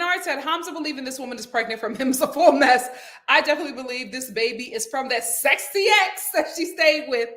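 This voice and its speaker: A woman's voice: sits high, quick pace, fairly bright tone. A woman hosting a casual live stream from home, chatting and reading viewer comments aloud.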